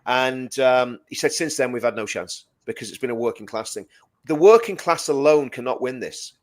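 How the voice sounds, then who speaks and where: A man's voice: medium pitch, lively intonation, moderate pace. A man co-hosting a live stream, talking emphatically and repeating words as he builds his point. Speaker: co-host. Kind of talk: casual live-stream chat.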